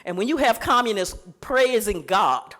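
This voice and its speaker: A woman giving a keynote speech at a conference, telling history in a lively way and acting out the voices of the people she quotes. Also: fairly high pitch, moderate pace, slight background noise. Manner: animated storytelling, acting out quoted voices, laughing. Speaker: keynote speaker. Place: conference hall.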